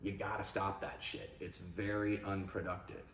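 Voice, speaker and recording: A man, a dog trainer, explaining handling in a casual instructional talk, breaking into loud, animated demonstrations of commands. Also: low voice, moderate pace, roomy sound.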